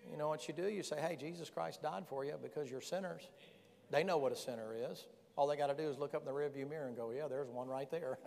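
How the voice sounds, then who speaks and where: A man preaching a sermon as pastor, folksy and animated, firing rhetorical questions at the congregation. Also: on the high side, vocal fry. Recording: long reverb in a large hall.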